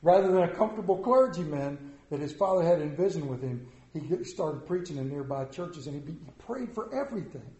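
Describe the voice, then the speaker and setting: A middle-aged pastor preaching a sermon, telling folksy stories with self-deprecating humor. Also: male voice, fairly high pitch, lively intonation, brisk, few pauses, mellow, reverberant.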